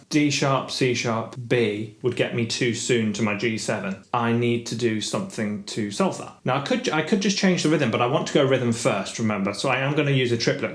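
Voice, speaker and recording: Guy teaching jazz, scats the rhythms out loud, roomy echo. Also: mid-range voice. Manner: hums and scats the rhythms, talks casually. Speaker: music teacher. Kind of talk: thinking aloud while writing a solo.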